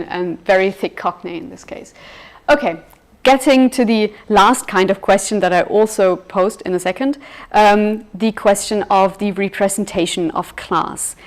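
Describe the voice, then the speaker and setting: A woman teaching a university film seminar over a video call, talking conversationally with frequent fillers and self-corrections. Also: mid-range voice. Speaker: university lecturer. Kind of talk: seminar lecture with discussion.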